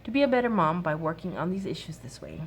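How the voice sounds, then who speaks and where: Earnest mom giving gentle advice. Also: female voice, on the low side, very animated, fast talker, a little hiss or hum. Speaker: mom sharing a workshop talk. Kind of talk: gentle faith-based advice talk.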